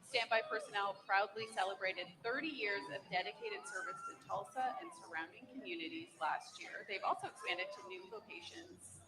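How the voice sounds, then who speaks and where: Lively woman parade commentator. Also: medium pitch, a little fast, hardly any pauses, heavy background noise. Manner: reading announcer script with asides. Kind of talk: live broadcast commentary. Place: outdoors at a winter parade. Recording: outdoor broadcast with band music behind.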